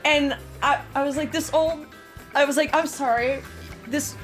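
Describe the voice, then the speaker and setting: A young adult woman hosting a podcast, telling a story in casual chat, animated, laughing and swearing as she acts out quotes. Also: high voice, moderate pace, music in the background. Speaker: podcast host.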